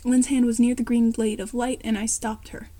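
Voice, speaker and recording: A woman reading a fan story aloud, saying speaker names and stage directions out loud. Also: fairly high pitch, flat delivery, moderate pace, dry recording. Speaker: story reader.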